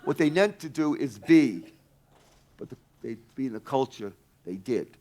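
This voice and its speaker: A middle-aged man speaking to a live audience, telling a personal story with intensity, dropping to a hush and swearing casually. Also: mid-range voice, animated, normal speed. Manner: intense, swings from loud to hushed, swears casually. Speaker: speaker teaching a workshop.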